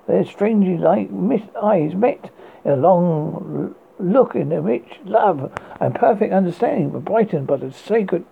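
A man with a British accent, a horror podcast host giving a dramatic, measured reading of a ghost story. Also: sits high, gravelly, slight background noise. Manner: measured, slow narration with stumbles. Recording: tinny phone-like audio.

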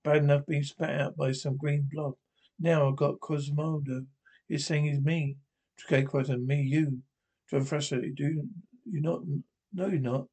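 A man's voice: a little high, fairly even intonation, unhurried, mellow, breathy edge. A man reading the lines of a wry, exasperated male astronaut in a mocking tone, close to his own voice. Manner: sarcastic, mocking.

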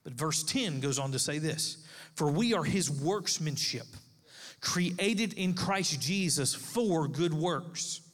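A man's voice: on the high side, expressive, takes it slowly, a bit bright. A male pastor, likely in his thirties, preaching a sermon with emphatic, repeated phrases. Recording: long echo of a large hall.

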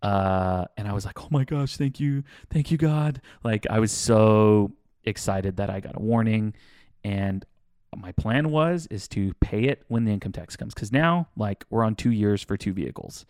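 Man, lowish voice, casual podcast chat, rambling animated storytelling, dry close sound. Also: moderate pace, smooth, no room sound. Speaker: podcast co-host.

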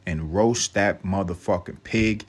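A man's voice: low-pitched, measured pace, breathy edge. A man, from Harlem, hosting a podcast with a brash, profane, rambling comic monologue. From Harlem, New York. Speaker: podcast host. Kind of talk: comedic monologue.

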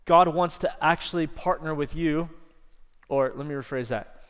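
A man giving a sermon as pastor. He stretches key words for emphasis and sometimes drops to soft, intimate tones. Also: a little high, moderate pace, smooth. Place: church sanctuary. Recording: long church reverb.

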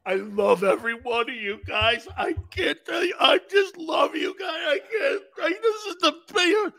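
A man doing a sobbing, shouting football coach. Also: high-pitched, level tone, moderate pace, creaky, pitched above the performer's own voice, full character voice. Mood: tearful rousing. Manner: crying while shouting. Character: weeping middle-aged male football coach, rousing.

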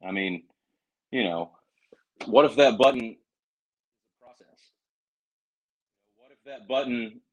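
Earnest Southern man, lowish voice. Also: husky, low-quality recording. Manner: earnest, rambling with many restarts. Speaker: podcast guest. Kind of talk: casual podcast chat.

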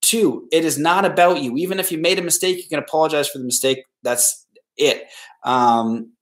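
A man's voice: a little high, moderate pace. A man hosting a solo podcast, giving casual, rambling advice and acting out the people he quotes. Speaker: podcast host.

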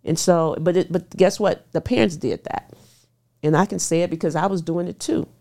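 A woman's voice: lowish voice, steady tone, normal speed, vocal fry, dark tone. A middle-aged woman talking casually as a nutrition expert guest, stressing her points and repeating them for emphasis. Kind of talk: casual interview chat.

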